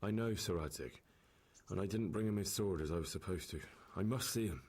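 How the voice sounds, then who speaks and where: An actor voicing a wounded young blacksmith in a video game, weary and earnest in tone. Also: male voice, sits low, a little fast, a little mellow. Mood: determined. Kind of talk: game voice acting.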